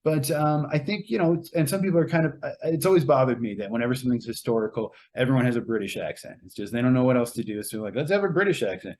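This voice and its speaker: A man's voice: medium pitch, fast talker, hardly any pauses, darkish tone. A man giving a casual, rambling spoken movie review, with many fillers and restarts. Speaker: movie reviewer, show co-host.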